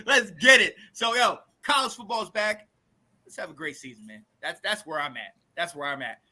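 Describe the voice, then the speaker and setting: A man hosts a casual sports podcast in a high voice. He talks in a hyped, slangy way and shouts catchphrases. His tone is very bright and sharp. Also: very animated, a little fast. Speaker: podcast host.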